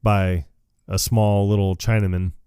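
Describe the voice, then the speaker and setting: A man's voice: fairly low pitch, unhurried, smooth, no echo, clean studio sound. Laughing man recapping a movie. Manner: laughs often, acts out quotes in animated voices. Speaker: podcast co-host. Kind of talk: casual chat recapping a movie.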